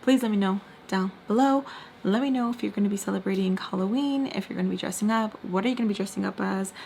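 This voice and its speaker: A woman chats straight to her viewers in a lively storytime, her voice sitting at an everyday middle pitch. She tells it with quick asides and dips into a near whisper now and then. A faint heater hum sits behind her. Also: gravelly. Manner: animated, expressive retelling with quick asides and drops to a whisper. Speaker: storytime vlogger. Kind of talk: casual storytime chat to viewers.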